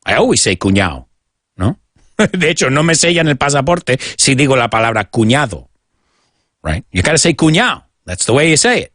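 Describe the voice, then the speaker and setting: An American man hosting a radio English lesson, chatty and playful as he hops between English and Spanish. His voice sits fairly high and swoops up and down a lot. He sounds close and dry on a studio mic. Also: big pitch swings, fast talker, a bit bright, no room sound. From United States. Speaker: radio host teaching English.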